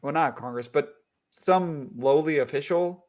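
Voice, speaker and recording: A man's voice: fairly high pitch, moderate pace, a little mellow. A man co-hosting a podcast in casual chat, riffing in a rambling, profane way. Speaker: podcast co-host.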